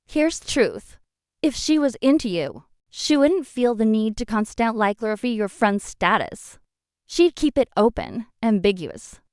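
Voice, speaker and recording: A woman's voice: a little high, darkish tone, no echo, studio quality. A woman giving scripted narration, addressing the listener directly with blunt advice and rhetorical questions. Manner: direct second-person advice.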